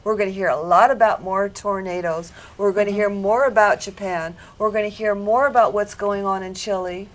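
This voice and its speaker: A woman's voice: mid-range voice, fairly even intonation, normal speed, hardly any pauses. A woman psychic on a studio panel, giving an earnest, reflective reading to an audience member and checking that it makes sense.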